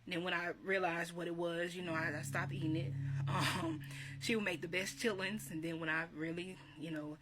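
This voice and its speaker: Lady vlogging, rambly, laughs a lot, lowish voice, hissy background. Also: moderate pace. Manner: chatty, reminiscing, laughs often, repeats herself. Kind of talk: casual encouraging talk. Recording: steady background hiss.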